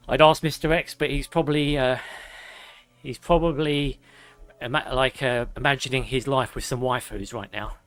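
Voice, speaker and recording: A young man chats casually with viewers as he plays a video game on stream, swearing every so often and reading out the chat. He speaks in a fairly bright voice on the high side. There is no echo, and game music plays behind him.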